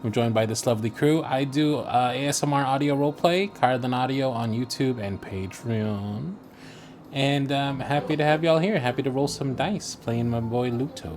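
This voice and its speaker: A man's voice: medium pitch, moderate pace, a little mellow, faint music behind. A man playing in a tabletop game, giving a welcoming introduction. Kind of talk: casual livestream chat.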